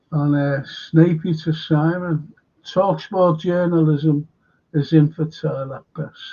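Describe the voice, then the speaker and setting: A man's voice: fairly high pitch, warm tone, dull audio. A man hosting a live fan stream, chatting casually in a rambling way and reading viewer comments aloud. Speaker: fan channel host.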